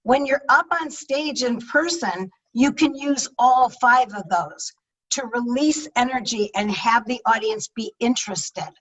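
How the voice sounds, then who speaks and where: Higher-pitched woman, speaking coach, emphatic and lively, sounds a bit off-mic on a video call. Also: unhurried, slightly rough, recorded from a distance, poor audio. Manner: energetic, emphatic, conversational. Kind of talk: webinar talk on public speaking.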